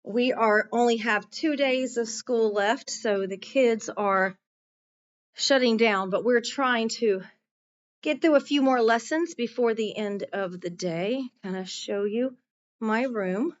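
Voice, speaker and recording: Lady teacher running a reading lesson in class, kinda high voice, a bit dull and lo-fi. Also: slow. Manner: clear, patient teacher's prompting. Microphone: camera set up in the room.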